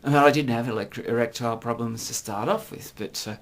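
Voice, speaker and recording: A middle-aged man ranting in a sarcastic, crude monologue, swinging between mutters and loud outbursts. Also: medium pitch, fast talker. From Australia. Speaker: vlogger.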